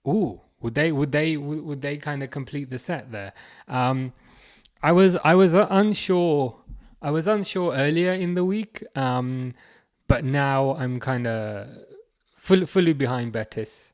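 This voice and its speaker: Chatty Birmingham man hosting a livestream. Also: fairly high pitch. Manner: halting, restarts often, chuckles, reads comments aloud. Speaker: livestream host reading chat. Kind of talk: casual livestream chat.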